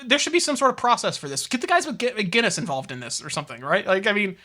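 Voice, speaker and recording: Male podcast co-host, bright fast voice, rambling comic grump. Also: sits high, very animated. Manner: rambling, full of "like" and restarts, mock-grumpy rants. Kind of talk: casual comedic chat.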